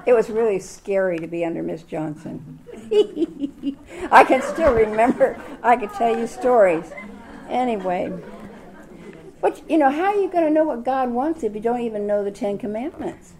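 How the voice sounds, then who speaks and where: Older woman, Bible study teacher, mellow voice, chatty and full of questions to the class. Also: a little high, lively intonation, moderate pace. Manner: chatty, asks the listeners many questions.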